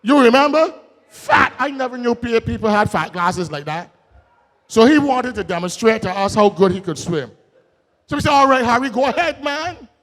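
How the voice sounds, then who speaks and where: High-voiced Barbadian man at a rally. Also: expressive, normal speed. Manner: folksy, joking asides, rising to shouted emphasis. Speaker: political speaker. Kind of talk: political rally speech. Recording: long hall reverb.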